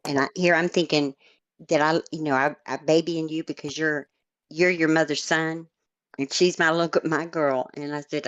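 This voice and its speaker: A woman's voice: deep voice, fairly even intonation, moderate pace, lo-fi sound. An older woman, a grandmother, telling a story in a blunt, repetitive way during a casual chat. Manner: blunt, repeats herself for emphasis. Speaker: stream host.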